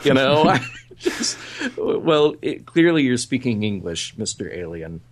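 A man co-hosting a podcast in casual chat, easygoing and amused, talking in quick bursts. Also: medium pitch, very animated. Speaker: podcast co-host.

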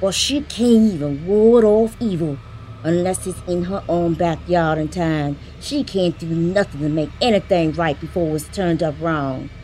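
A woman's voice: lowish voice, steady tone, takes it slowly, mellow, slight background noise, low-quality recording. A woman playing a fiery, defiant mambo. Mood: indignant. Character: fierce female mambo, proud and defiant. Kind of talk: audio drama acting.

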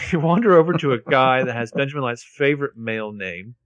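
A man's voice: mid-range voice, expressive, a little fast, no echo. A man with a mid-range voice narrates an episode's plot in loose, jokey casual chat. He rambles and tosses in wisecracks. The recording is dry and close. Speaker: podcast co-host.

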